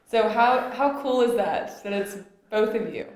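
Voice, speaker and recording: A woman's voice: on the high side, expressive, unhurried. A young woman, a student interviewer, asking an alum questions in a friendly, chatty way. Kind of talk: casual interview. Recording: very echoey room.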